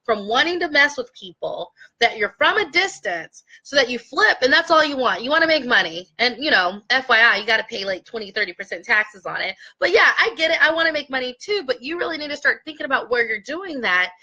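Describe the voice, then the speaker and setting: A woman's voice: high-pitched, very animated, fairly quick, few pauses, sharp tone, slightly rough, lo-fi sound. A woman real estate investor coaching her viewers in an earnest, impassioned talk, at times close to tears. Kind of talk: heartfelt direct-to-camera talk.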